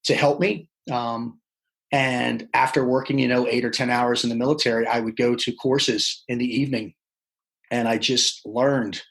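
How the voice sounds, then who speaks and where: Animated man telling stories. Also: mid-range voice, normal speed, vocal fry, poor audio. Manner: animated storyteller, acts out quotes. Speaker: podcast guest. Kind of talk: casual storytelling interview.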